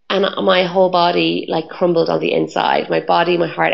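A woman's voice: medium pitch, moderate pace, gravelly, few pauses, highs cut off. A woman telling her story as an interview guest, chatty and full of "like" and "um" fillers. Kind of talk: casual storytelling.

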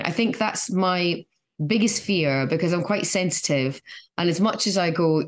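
A woman's voice: fairly low pitch, moderate pace. A middle-aged Scottish woman, a guest comedian in a casual chat, chatty and self-mocking, often laughing. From Scotland.

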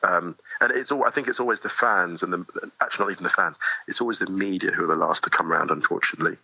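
A man talking as a podcast guest, animated and chatty with many asides, in a dull lo-fi remote recording. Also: deep voice, fast talker, gravelly, husky, no room sound. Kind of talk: casual interview conversation.

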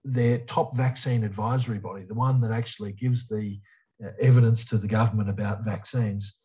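A man's voice: medium pitch, a little mellow, low-quality recording. An Australian man, a politician being interviewed, speaking emphatically and repeating short punchy phrases. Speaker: politician guest. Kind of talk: interview answers.

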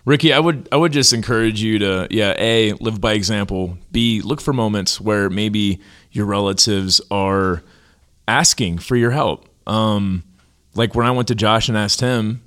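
Lower-voiced man giving easygoing advice. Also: normal speed, a bit bright. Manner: easygoing, offers advice, jokes lightly. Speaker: podcast co-host. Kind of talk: casual podcast conversation.

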